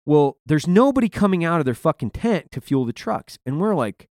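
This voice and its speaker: Profane, animated male storyteller. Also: on the high side, normal speed, no room sound, clean studio sound. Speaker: podcast co-host, veteran. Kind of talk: casual storytelling chat.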